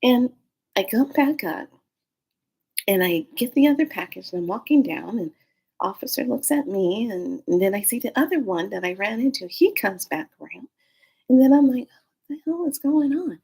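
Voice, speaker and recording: A woman vlogger telling a story in a casual, animated, slangy way, acting out every quote. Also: medium pitch, normal speed, gravelly, husky.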